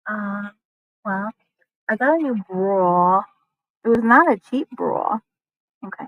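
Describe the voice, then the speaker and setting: A woman's voice: medium pitch, animated, takes it slowly, a bit bright, dry recording, low-quality recording. A young woman chatting casually on a live stream at home, rambling with lots of fillers.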